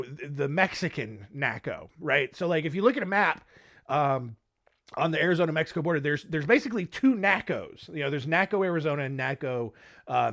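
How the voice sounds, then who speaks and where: A man's voice: a little high, fairly bright tone. A man hosting a casual history podcast, jokey and rambling, with many filler words. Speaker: podcast host.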